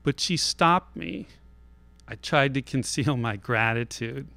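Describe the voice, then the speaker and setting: A man telling a personal story live on a theater stage, in a wry, self-deprecating and deliberate way. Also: mid-range voice, creaky, sharp tone.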